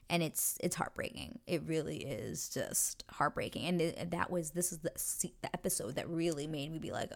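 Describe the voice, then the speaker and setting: A woman's voice: low voice, moderate pace, vocal fry, hardly any pauses. A woman hosting a podcast, recapping a TV series in a chatty, gushing way with many fillers and restarts. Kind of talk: casual chat.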